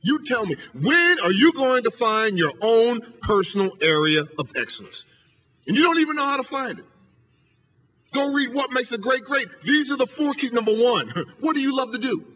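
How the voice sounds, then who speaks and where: Man giving a podium motivational talk, high and bright, emphatic, rhetorical. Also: sing-song, normal speed. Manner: emphatic, hammering rhetorical questions. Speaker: motivational speaker and professor. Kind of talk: motivational speech. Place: lecture hall podium.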